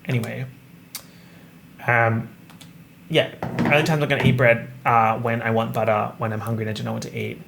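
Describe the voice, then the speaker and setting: Gravelly young man rambling on a podcast. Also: mid-range voice, little pitch movement, moderate pace, long pauses, background noise. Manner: joking, tangent-prone, swears casually. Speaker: podcast host. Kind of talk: rambling solo podcast chat.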